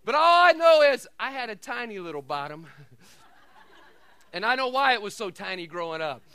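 Middle-aged guy pastor preaching, real high bright voice, dry sound, storytelling loud then soft. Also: moderate pace, clean tone, no echo. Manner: animated storytelling, shifting between shouting and quiet asides. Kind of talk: sermon.

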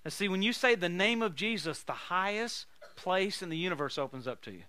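A man preaching a sermon, telling stories in an animated, folksy way and laughing often. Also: sits high, fairly quick. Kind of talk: sermon with storytelling.

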